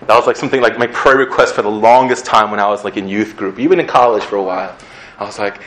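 A man's voice: mid-range voice, brisk, a bit bright, slight background noise, poor audio. A young man giving a casual, conversational sermon as a pastor, playfully acting out little scenes.

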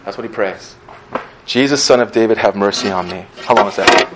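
A male pastor giving a sermon in a conversational, earnest way, with an animated delivery. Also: mid-range voice, a little fast, low-quality recording.

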